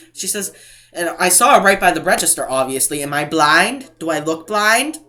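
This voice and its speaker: Young New England vlogger, animated and indignant, with a bright, forceful delivery. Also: male voice, a little high, normal speed. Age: young adult. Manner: animated, indignant retelling, acts out quotes. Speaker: couponing vlogger. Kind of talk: casual storytime vlog.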